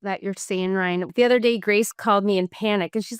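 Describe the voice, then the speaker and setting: A woman's voice: mid-range voice, steady tone, a little fast, hardly any pauses, clean tone, no room sound, studio quality. A middle-aged woman co-hosting a casual faith-based chat, telling stories earnestly and with animation, with frequent "um" fillers. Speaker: podcast co-host.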